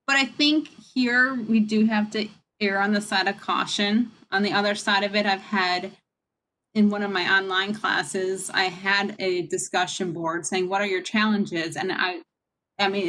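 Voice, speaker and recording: A woman's voice: mid-range voice, fairly bright tone, a little hiss or hum. A woman leading a staff meeting over a video call, talking in a chatty, frank and rambling way. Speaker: meeting leader. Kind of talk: casual meeting talk.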